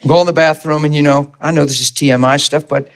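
A man's voice: a little high, quick pace. A middle-aged man preaching a sermon, telling a personal story and acting out the voices in it. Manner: animated storyteller, acts out voices, laughs.

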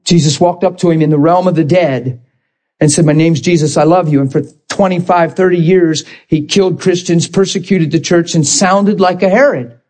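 A man's voice: on the high side, steady tone, normal speed, a little mellow. A man preaching a sermon, impassioned and rising to emphatic bursts.

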